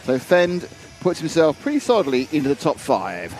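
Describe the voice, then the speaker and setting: A man's voice: on the high side, wildly swooping pitch, moderate pace, a little mellow, soft background music. A man doing live race commentary, chatty and playful, sometimes stumbling over names.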